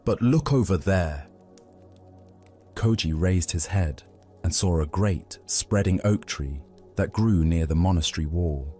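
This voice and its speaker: A man narrates a calming Zen story for sleep, his voice sitting very low and deep. He reads slowly and evenly. Soft music plays faintly underneath. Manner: slow, soothing, even storytelling.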